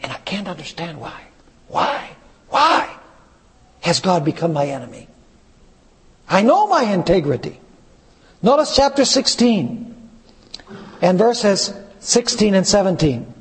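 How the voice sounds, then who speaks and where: A man preaching a sermon, reading scripture aloud slowly and putting questions to his listeners. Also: sits high, big pitch swings, long reverb tail.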